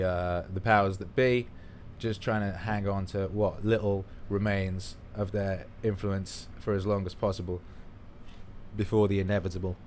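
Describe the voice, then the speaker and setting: A man hosting a livestream, reading out viewer comments in a rambling, playful, profane chat. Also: lowish voice. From United Kingdom. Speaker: livestream host.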